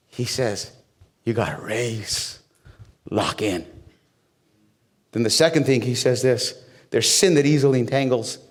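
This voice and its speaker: A male pastor preaching a sermon, talking straight to the people in the room with humor and questions, and building up to loud, high-pitched climaxes. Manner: conversational with humor and direct questions to the crowd.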